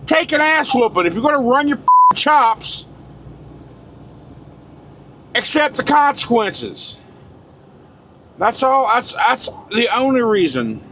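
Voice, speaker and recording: A man's voice: extremely high pitch, very animated, takes it slowly, pauses often, pushed and bright. A man, a truck driver vlogger giving a blunt, profane, fired-up casual rant. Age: 40s. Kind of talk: casual ranting monologue. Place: inside a truck cab. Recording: road noise from a moving truck.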